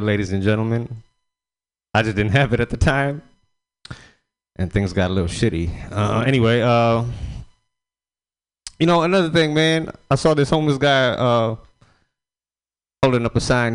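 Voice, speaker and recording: Smooth-voiced man doing stand-up. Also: lowish voice. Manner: casual, rambling delivery with laughs. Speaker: stand-up comedian. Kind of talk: stand-up comedy set.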